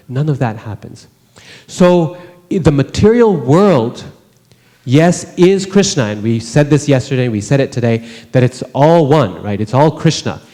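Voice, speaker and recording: A man's voice: mid-range voice, warm tone, in a large hall. A man teaching a scripture class in a conversational way, often putting rhetorical questions to the listeners. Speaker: religious teacher. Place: temple hall.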